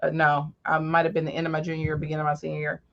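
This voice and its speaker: Brief: woman podcast host, mid-pitched, lively storyteller, crude, a bit muffled sound. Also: racing, gravelly. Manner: animated, profane, swings high when acting out quotes. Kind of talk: casual storytelling chat.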